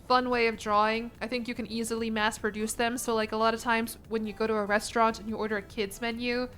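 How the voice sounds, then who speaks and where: A young American woman chatting casually on a stream, animated and quick to laugh as she answers her chat. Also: a little high. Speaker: vtuber streamer.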